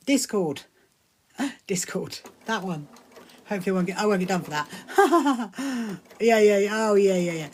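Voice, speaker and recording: A woman chats away on a live stream from her sewing room, her voice sitting in a mid register. She rambles from one thought to the next and keeps breaking into excited bursts. A clear hum of room noise and sewing machine sits behind her, picked up by a phone. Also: medium pitch, measured pace. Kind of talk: casual live-stream chat answering viewer comments.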